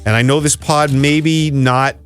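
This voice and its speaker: A man's voice: fairly high pitch, steady tone, measured pace, fairly bright tone, faint music behind. A man co-hosting a casual podcast, rambling and poking fun at himself. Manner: rambling, self-mocking, jokey. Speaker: podcast co-host. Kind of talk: casual chat.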